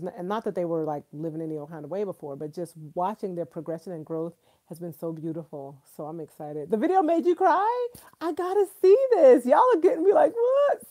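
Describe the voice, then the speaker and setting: A woman in her thirties hosting a live stream, gushing excitedly and chatting straight to her viewers. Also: lowish voice.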